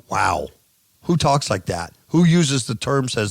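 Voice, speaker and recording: A man's voice: mid-range voice, big pitch swings, takes it slowly, gravelly, dry recording, clean studio sound. A man hosting a radio show, giving sarcastic, mocking commentary on news stories.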